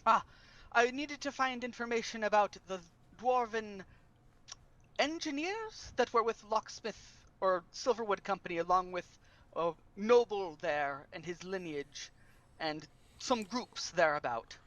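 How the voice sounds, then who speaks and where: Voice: medium pitch, lively intonation, a little slow, fairly bright tone. A player voicing a dry-witted male halfling adventurer, talking wryly, from far off the mic. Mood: earnest. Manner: wry, dry humor.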